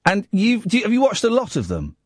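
A man's voice: high-pitched, huge pitch swings, a little fast, a little mellow, breathy edge, no echo. A man hosting a late-night radio phone-in, wry and teasing. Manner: wry, teasing, self-mocking. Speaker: radio host. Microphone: studio mic.

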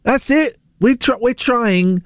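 A man's voice: very high-pitched, takes it slowly, clean tone, no echo, studio quality. A man hosting a casual breakfast radio show, chatting playfully. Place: radio studio. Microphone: studio mic.

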